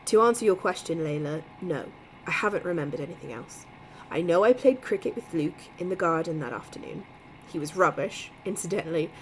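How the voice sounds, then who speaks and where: Woman reading as a dry young man, wry, a touch lower and softer. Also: a little hiss or hum, close to an everyday voice, low-quality recording.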